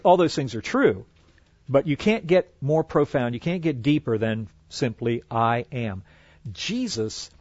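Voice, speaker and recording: A man teaching a Bible class in an earnest way, reading scripture aloud and often pausing on fillers. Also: mid-range voice, a little mellow, dry recording. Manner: earnest, with frequent fillers and restarts, quoting scripture. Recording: dry, dull lo-fi recording.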